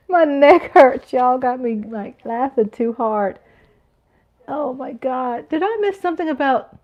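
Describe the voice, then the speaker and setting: A woman's voice: high-pitched, animated, takes it slowly, long pauses, highs cut off. A woman in her fifties hosting a casual livestream, reading chat comments aloud with playful giggles and little sung riffs. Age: 50s. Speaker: livestream host.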